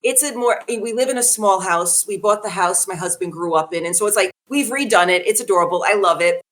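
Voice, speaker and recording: A woman in her forties speaking as a wellness guest on a podcast, animated and laughing readily, often asking listeners questions. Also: mid-range voice, fairly quick. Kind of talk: conversational podcast talk.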